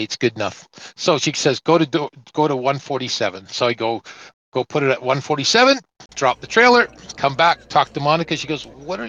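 A man's voice: mid-range voice, fairly bright tone, no echo, poor audio. A trucker man co-hosting a casual podcast, spinning a long story and acting out each quoted exchange. His voice is close to the mic and dry. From Canada. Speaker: truck driver and podcast host.

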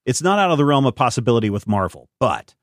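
A man co-hosting a casual comic review chat, rambling and self-correcting with animated enthusiasm. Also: mid-range voice, quick pace, no echo, clean studio sound. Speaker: podcast co-host.

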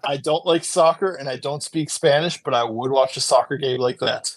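A man's voice: mid-range voice, normal speed, no room sound. A man co-hosting a podcast in casual chat, giving wry, blunt opinions. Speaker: podcast co-host.

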